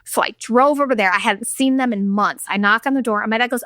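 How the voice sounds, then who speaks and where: A woman's voice: on the high side, quick pace, bright, forceful tone, dry recording, studio quality. A woman in her thirties hosting her own show, telling a personal story bluntly, with profanity and acted-out quotes. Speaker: podcast host. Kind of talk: candid storytelling monologue.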